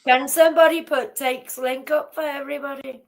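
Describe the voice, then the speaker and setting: Geordie woman on a stream, bit high voice, teasing and nosy, says hi to viewers. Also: fairly even intonation, moderate pace, vocal fry. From Newcastle, England. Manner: teasing, inquisitive, greets viewers. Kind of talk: casual live-stream chat.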